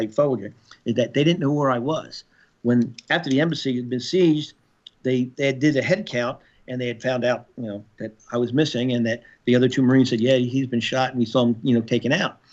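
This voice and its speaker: Older man telling a gritty story. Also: mid-range voice. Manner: gritty and profane, with halting restarts. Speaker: guest, former Marine. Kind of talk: storytelling in a podcast interview. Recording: slightly dull lo-fi audio.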